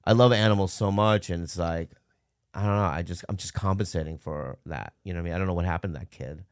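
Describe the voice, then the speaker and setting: A man's voice: low voice, quick pace, no echo, studio quality. A man from Minnesota in casual conversation, candidly telling a rambling personal story with lots of fillers.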